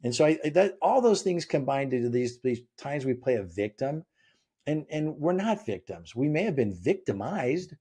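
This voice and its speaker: Male podcast guest, a husky author who tells stories and voices the people in them. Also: medium pitch, normal speed. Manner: animated, acts out quoted voices. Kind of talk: conversational interview.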